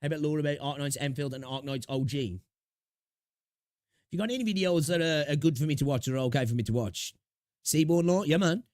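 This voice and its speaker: A man's voice: a little high, brisk, darkish tone, no room sound. Chatty man streaming, dry sound. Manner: chatty, laughs often, talks to chat with slang. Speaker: streamer reacting to videos. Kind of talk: casual live-stream commentary.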